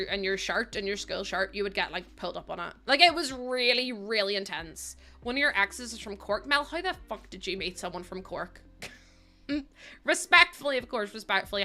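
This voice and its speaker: Chatty Northern Irish woman streamer, bright and a touch high, swearing and laughing freely over soft music. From Northern Ireland. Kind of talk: casual livestream chat while building in a game.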